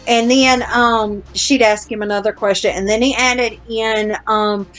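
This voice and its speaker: A woman's voice: fairly high pitch, steady tone, unhurried, fairly bright tone, soft background music. Chatty woman telling a story. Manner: chatty, self-deprecating, blunt with casual swearing. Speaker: podcast host. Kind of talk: casual storytelling chat.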